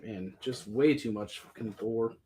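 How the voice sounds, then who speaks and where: A man's voice: fairly low pitch, measured pace, mellow, slight background noise. A man hosting a live comic book sale, listing issues casually and joking in rambling asides. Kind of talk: casual live-stream selling.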